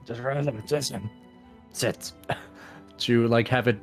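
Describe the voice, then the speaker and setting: Slow, hesitant low-voiced player. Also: fairly even intonation, vocal fry, soft background music. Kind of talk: casual tabletop game play.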